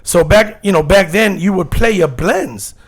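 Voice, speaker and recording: A man DJ on a radio show, telling a story in an animated way and acting out what people said. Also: high-pitched, unhurried, slightly rough. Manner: animated storyteller, acts out quotes. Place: radio studio.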